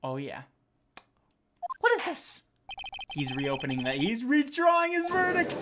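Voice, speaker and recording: A woman streamer reacting to a courtroom video game, excitable and animated, swearing freely. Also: a little high, a little slow, long pauses, heavy background noise. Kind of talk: let's-play commentary. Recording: game music under voice.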